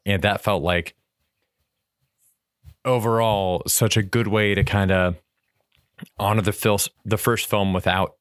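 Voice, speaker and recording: Deep voiced guy on a movie podcast, dry close mic, thoughtful and measured. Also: fairly bright tone, no echo. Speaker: podcast co-host. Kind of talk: casual film review chat.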